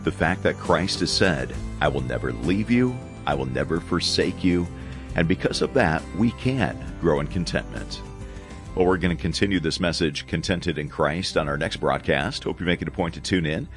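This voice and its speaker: A man's voice: deep voice, lively intonation, normal speed, faint music behind. A man hosting a radio program in a friendly, conversational announcing style.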